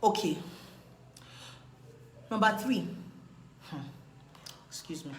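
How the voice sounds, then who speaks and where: A woman's voice: medium pitch, expressive, slow, echoey room, slight background noise, low-quality recording. A woman, giving an emphatic, scolding live talk on marriage. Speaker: relationship speaker.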